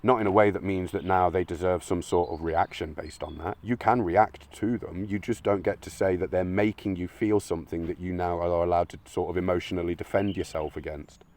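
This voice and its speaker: A man's voice: low voice, fairly even intonation, brisk, few pauses, darkish tone. A man giving a blunt, argumentative monologue, swearing often. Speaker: channel host. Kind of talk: opinionated monologue.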